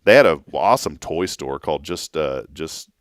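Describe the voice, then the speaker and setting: A man's voice: extremely low pitch, normal speed, dry recording, clean studio sound. A man hosting a morning show, chatting casually and joking as he reads listener comments. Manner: jokey, animated, laughs while reading listener comments. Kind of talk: casual chat.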